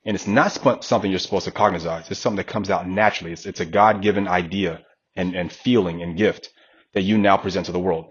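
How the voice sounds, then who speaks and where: With a low, husky voice and fast delivery, a man in his thirties who works as a fitness coach chats on a casual podcast. The audio sounds dull, and he tells stories with animation, performing the voices of whoever he's quoting.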